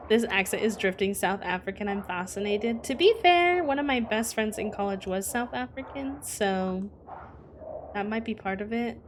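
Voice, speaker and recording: A woman's voice: medium pitch, measured pace, long pauses, poor audio. A young adult woman chatting casually to her live-stream audience, rambling and correcting herself with many fillers. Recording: clear background noise.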